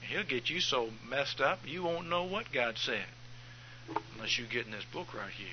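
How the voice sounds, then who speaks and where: A man's voice: medium pitch, lively intonation, moderate pace, lo-fi sound, background noise. A male pastor preaching a sermon, driving points home by repeating phrases.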